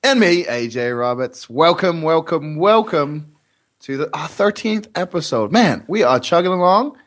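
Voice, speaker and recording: A man's voice: a little high, expressive, a little slow. A man co-hosting a podcast, welcoming listeners and chatting loosely with many ums and uhs. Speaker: podcast co-host. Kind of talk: casual podcast chat.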